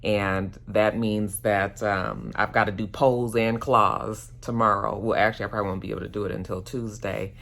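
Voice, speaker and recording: A woman gives a chatty, slangy recap of a TV episode, acting out the characters' lines as she speaks into a handheld phone in a hotel room. Her voice is extremely low in pitch yet fairly bright, with fairly even intonation, a moderate pace, and hardly any pauses.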